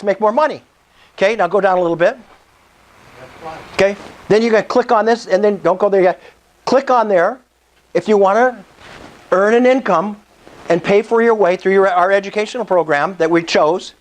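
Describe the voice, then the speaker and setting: A man giving a live sales presentation at an investors' meetup, excitable and pushy, often asking the room if it's cool. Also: high-pitched, moderate pace, long pauses, poor audio.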